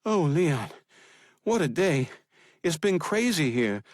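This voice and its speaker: Man playing an anxious protective sister, storybook, high and pushed voice. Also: big pitch swings, slow pace, no room sound, studio quality. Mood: worried. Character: worried adult woman, protective sister.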